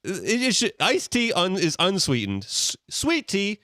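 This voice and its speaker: A man's voice: sits high, wildly swooping pitch, measured pace, bright, forceful tone, no room sound, studio quality. A man co-hosting a podcast, ranting in casual banter and laughing often. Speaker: podcast co-host.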